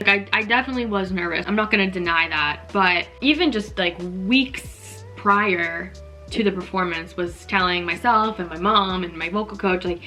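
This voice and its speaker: A woman's voice: mid-range voice, bright, forceful tone. A young woman vlogging casually to camera, chatty and emotionally open, saying "like" a lot.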